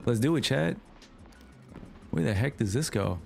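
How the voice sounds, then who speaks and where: A man with a New York accent streams a game and chats loosely with his viewers, relaxed and slangy. His voice sits at an everyday middle pitch. Faint game music runs underneath. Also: a little slow, creaky. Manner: relaxed, slangy, talks to chat. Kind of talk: casual livestream chat while gaming.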